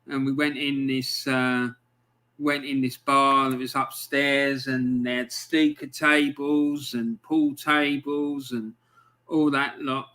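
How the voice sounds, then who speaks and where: A man's voice: medium pitch, sharp tone. A middle-aged man hosting a podcast, telling a story casually and rambling with many ums. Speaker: podcast host. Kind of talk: casual storytelling to a live stream.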